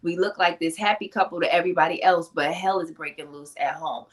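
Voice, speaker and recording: Woman, podcast guest, personal storytelling, emphatic, slangy, fairly low pitch. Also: a little fast. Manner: animated, emphatic, conversational with slang asides. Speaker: author and motivational speaker, guest.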